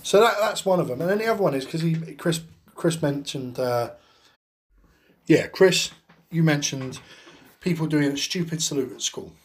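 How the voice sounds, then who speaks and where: A man's voice: fairly high pitch, moderate pace, pauses often. A man with a blunt, sweary, rambling way of talking, telling a story in a casual podcast chat. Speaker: podcast co-host.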